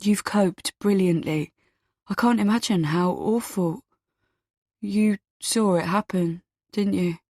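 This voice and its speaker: A woman voicing a kind young man, speaking softly and sympathetically. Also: mid-range voice, slow, dry recording, clean studio sound. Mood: soft, sympathetic.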